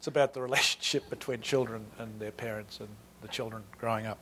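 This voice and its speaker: A man in his sixties from Australia with an Australian accent, a novelist talking before a reading in a halting, self-deprecating way with many restarts. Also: on the low side, fairly even intonation, a bit bright, slight background noise. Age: 60s. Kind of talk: author talk before a reading.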